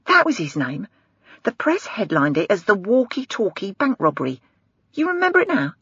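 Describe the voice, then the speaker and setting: A reader playing a brash middle-aged detective, blunt and sarcastic, quick to swear. The delivery swings with animated pitch over a husky, dry voice. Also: no room sound, lo-fi sound, full character voice.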